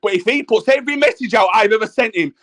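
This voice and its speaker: A high-pitched man venting in a furious, expletive-laden rant. He talks over everyone on a livestream panel, hammering home the same points. His voice stays pinched and high throughout the quarrel. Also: lively intonation, fast, fairly bright tone. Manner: angry, ranting, swearing constantly. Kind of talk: heated argument on a livestream panel.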